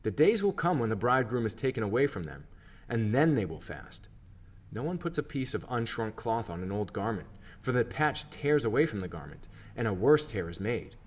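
A man reading as a calm authoritative teacher. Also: fairly low pitch, moderate pace, slightly rough. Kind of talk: scripture reading.

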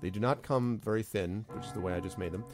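A man's voice: lowish voice, quick pace, darkish tone, soft background music. A man narrating a tabletop game as game master, rambling with many fillers.

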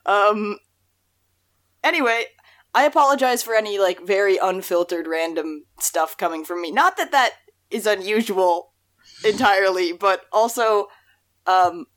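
A young woman co-hosting a podcast, chatting casually about song lyrics in a rambling, self-deprecating way, her voice still rough from the morning. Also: medium pitch, expressive, measured pace, long pauses, a bit bright. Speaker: podcast co-host.

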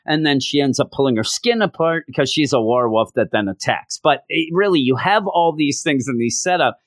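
A man's voice: mid-range voice, fairly quick, hardly any pauses, no room sound, studio quality. A man hosting a podcast, reviewing comic books in a casual, sarcastic way and acting out scenes in mock voices. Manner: sarcastic and exasperated. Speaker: podcast host.

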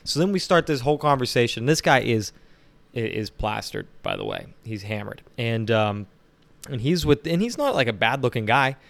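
With a medium, somewhat bright voice marked by vocal fry and huge swings in pitch, this young Pittsburgh-area man talks at a moderate pace. His long, casual story rambles along, full of fillers such as "you know what I mean."

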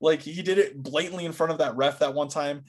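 A young man co-hosting a casual sports podcast, excitable and chatty, throwing in "dude" and "like" often. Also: a little high, brisk, slightly rough. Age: young adult. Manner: excitable, says "dude" a lot. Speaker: podcast co-host.

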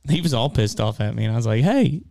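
A middle-aged man, co-hosting an outdoors show and telling animated, folksy stories in casual chat. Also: fairly low pitch, racing, vocal fry, dry recording. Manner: folksy, animated storyteller with rural grammar. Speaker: co-host of an outdoors hunting show.

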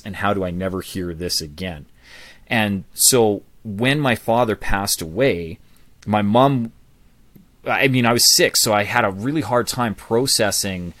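A man around forty, a public speaking coach, telling his life story as a guest in an interview with lively asides. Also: fairly low pitch, no room sound. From Canada.

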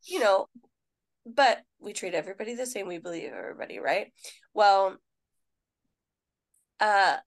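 A woman's voice: mid-range voice, moderate pace, pauses often. A woman, a nurse co-hosting a podcast, telling stories in casual chat, quoting people and swearing freely. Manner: animated storyteller, quotes people, swears casually.

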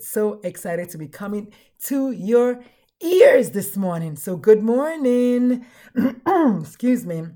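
Woman host, casual live chat, enthusiastic, warm mellow voice. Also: medium pitch. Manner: bubbly, repetitive, enthusiastic. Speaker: podcast host.

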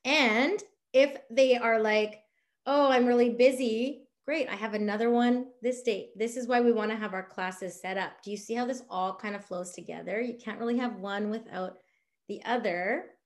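A woman teaching a sales class, chatty and animated, acting out little dialogues as she explains. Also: mid-range voice, moderate pace. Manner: animated, acts out dialogue with big voices. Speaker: essential oil sales trainer.

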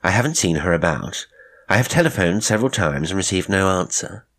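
A man voicing a brisk, polite society woman in a horror story reading. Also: low-pitched, lively intonation, fairly bright tone, full character voice. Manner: brisk, polite, lightly raised voice. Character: chatty society woman friend, brisk and concerned.

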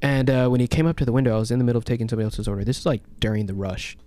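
A man, hosting a radio talk show and telling a long story in a loose, animated way with lots of fillers and swearing. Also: medium pitch, very fast. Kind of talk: casual chat, storytelling.

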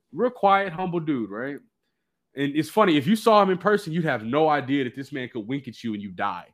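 A man telling a personal story in casual chat, animated and slangy. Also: on the high side, fast. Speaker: guest.

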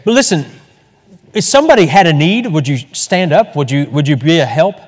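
A male pastor preaches with fervent emphasis, often doubling back on words to drive a point home. His voice sits a little on the high side. It carries with a long reverb, as in a church sanctuary. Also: lively intonation, a little fast, breathy edge. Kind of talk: sermon.

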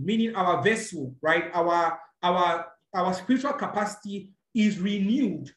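Mid-sermon, a preacher with a mid-pitched voice explains scripture step by step, repeatedly asking "all right?" and fixing minor slips along the way. The room gives the recording a noticeable echo.

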